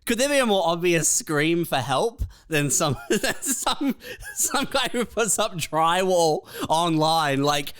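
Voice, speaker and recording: Brief: male podcast co-host, smooth clear voice, dry wry teasing, dry studio sound. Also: fairly high pitch, sing-song, slow pace, a bit bright, no room sound. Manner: wry, teasing, laughs often. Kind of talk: casual comedic banter.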